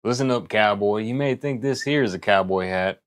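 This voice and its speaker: A man putting on a slow-drawling cowboy. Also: on the low side, natural voice. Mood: folksy. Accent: put-on Western cowboy drawl. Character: drawling folksy male cowboy storyteller.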